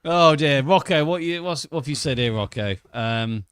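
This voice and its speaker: Smooth man hosting, dry sound. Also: a little high, normal speed, no echo. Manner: relaxed, steering the show. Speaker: podcast host. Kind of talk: casual chat.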